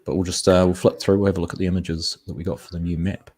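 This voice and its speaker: Man, very deep voice, husky, relaxed gaming host chat. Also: fast talker. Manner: relaxed, reads viewer comments. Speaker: channel host. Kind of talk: casual chat.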